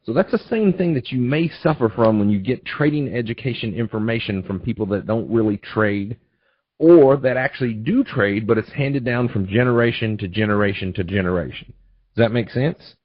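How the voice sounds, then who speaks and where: A man's voice: mid-range voice, expressive, moderate pace, no echo, lo-fi sound. A male trading educator giving a webinar, teaching through folksy stories with repeated check-ins. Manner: folksy storytelling, repetitive asides. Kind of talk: webinar presentation.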